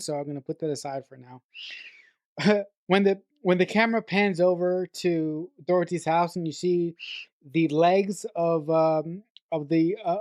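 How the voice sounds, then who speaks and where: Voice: mid-range voice, darkish tone, dry recording. A podcast co-host discussing a film in casual chat, thoughtful, often restarting sentences and laughing now and then. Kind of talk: casual movie-review chat.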